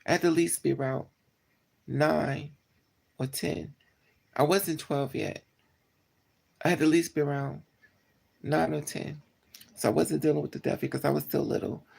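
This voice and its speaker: A streamer tells a story to live chat in a heavy, fry-laden voice with a rough, husky edge. The talk is blunt and full of swearing. They keep repeating and correcting details as they go. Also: medium pitch, fairly even intonation, moderate pace, pauses often, a little mellow. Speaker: livestreamer.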